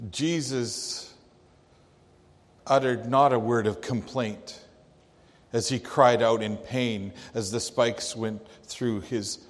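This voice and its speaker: A man acting as a grieving Jewish father in a dramatic first-person monologue, telling it in a slow, halting, hushed way. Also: mid-range voice, lightly acted. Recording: long echoey hall reverb.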